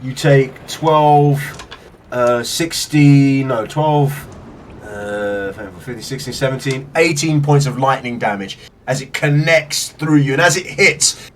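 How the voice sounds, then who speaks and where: A man runs the game as narrator, laying out each scene slowly and vividly, with frequent swearing. He sits somewhat back from the mic, and a faint background hiss runs under his voice. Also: medium pitch, distant mic. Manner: vivid, swears freely, slow deliberate narration. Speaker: game master.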